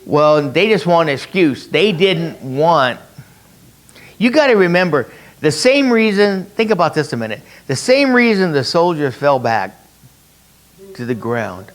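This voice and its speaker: A man's voice: a little high, sing-song, unhurried. A man leading a conversational Bible study, explaining through rhetorical questions and repeating his key points. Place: church meeting room.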